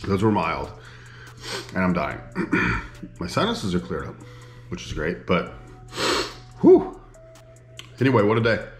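A man's voice: deep voice, very animated, normal speed, pauses often, fairly bright tone, echoey room. A man with a Midwestern American accent talking in a chatty, rambling, self-mocking way to his camera for a casual vlog. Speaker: vlogger.

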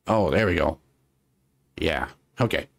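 A man's voice: sits low, lively intonation, unhurried, creaky, dry recording. A man hosting a casual political live stream, rambling and sarcastic, muttering to himself as he works his computer and swearing now and then.

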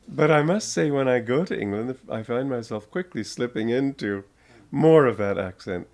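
A man's voice: mid-range voice, animated, a little mellow. An older American man, a spiritual teacher, giving an informal talk to an audience, telling stories and laughing often as he goes. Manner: slow, chuckling storyteller.

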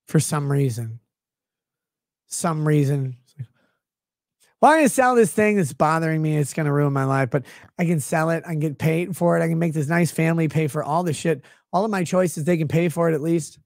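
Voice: mid-range voice, normal speed, a little mellow, no room sound. Sarcastic, swearing livestream ranter, dry sound. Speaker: livestream commentator. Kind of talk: profane comedic rant.

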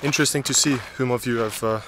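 A man's voice: medium pitch, fairly even intonation, fast. A man vlogging casually outdoors while hiking a volcano path, chatting to viewers and sounding tired from walking. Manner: chatty, talks to viewers and companion. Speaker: travel vlogger. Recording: loud outdoor noise.

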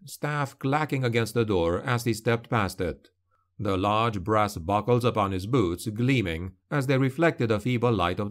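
A man narrating a dark fantasy novel as an audiobook, in a grave and deliberate manner. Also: lowish voice.

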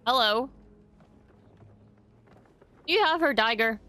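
A woman with a bright, somewhat high voice talks through a reaction video, blurting out excited exclamations and casual swearing. Her commentary is loose and spontaneous, swinging between awe and blunt remarks, with faint music underneath. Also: takes it slowly.

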